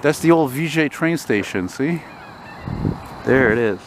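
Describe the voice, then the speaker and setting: A man's voice: mid-range voice, animated, measured pace, noisy background. A man rambling and swearing as he films a walking vlog on a city street with a handheld camera. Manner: rambling, profane, wry asides. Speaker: vlogger.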